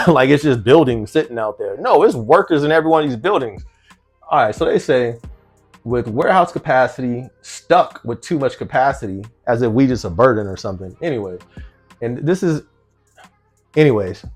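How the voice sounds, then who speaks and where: A man from New Jersey riffs on an article in a loose, conversational vlog style. His voice sits at a middle pitch and he keeps breaking into short laughs and rhetorical questions. Soft music plays faintly in the background. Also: normal speed. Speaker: vlogger. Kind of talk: casual commentary reading an article.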